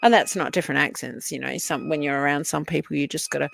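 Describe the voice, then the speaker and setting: A woman's voice: sits low, fairly even intonation, fast talker, gravelly, a bit bright. A middle-aged Australian woman hosting a livestream, chatting casually and laughing as she reads viewer comments, swearing freely. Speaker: livestream host.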